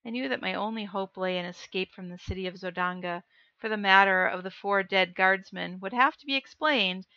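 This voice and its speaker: A woman reads a classic adventure novel aloud, giving each line of dialogue its own expression. Her voice is bright and forward. The recording is close and dry, with a slightly dull, muffled tone. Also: medium pitch, no echo. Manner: reads dialogue expressively, joking asides between passages. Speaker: reader of a novel. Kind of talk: live-streamed audiobook reading.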